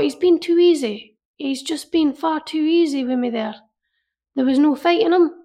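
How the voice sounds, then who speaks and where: A woman telling an emotional personal story in an earnest, halting way, often repeating herself. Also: high voice, creaky. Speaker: interviewee. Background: soft music.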